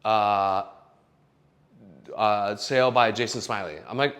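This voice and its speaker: Animated swearing man giving blunt advice. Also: lowish voice, slow. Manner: animated, swearing, many restarts. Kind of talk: casual advice monologue. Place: Los Angeles home.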